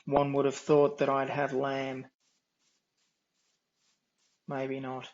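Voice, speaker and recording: An Australian man with a nasal, droning voice, giving dry, wry, unhurried commentary while streaming a game. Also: mid-range voice, completely flat delivery, darkish tone, dull audio, a little hiss or hum. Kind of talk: casual gameplay commentary.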